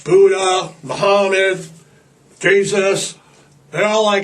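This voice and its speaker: A man's voice: sits high, expressive, slow pace, pauses often, background noise. A man hosting a podcast in a rambling, irreverent comic monologue, profane and stammering over fillers. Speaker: podcast host.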